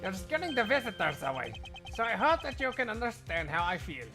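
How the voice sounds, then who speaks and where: Guy doing a bossy stuck-up ambassador, fake german accent, gravelly, fandub. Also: high-pitched, big pitch swings, a little fast, bright, forceful tone, faint music behind, voice pushed up, heavily acted. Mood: imperious. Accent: put-on German accent. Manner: imperious, scolding. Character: haughty scolding ambassador. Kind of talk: live fandub voice acting.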